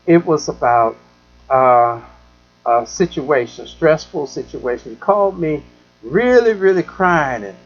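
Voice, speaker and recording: A man's voice: fairly high pitch, animated, unhurried, lo-fi sound, faint music behind. A man hosting a talk show, telling a rambling story in a casual way, full of "you know", and acting out the people in it.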